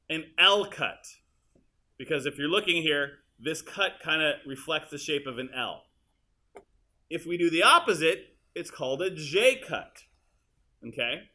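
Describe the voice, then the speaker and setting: A male teacher walking students through an editing demonstration in a high school classroom, casual and chatty as he works. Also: sharp tone. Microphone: room mic, uneven audio quality.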